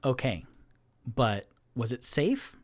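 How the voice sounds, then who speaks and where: A man's voice: mid-range voice, very animated, slow pace. A man voicing a loving but firm halfling mother in a tabletop game, talking in a scolding, motherly tone with a raised voice.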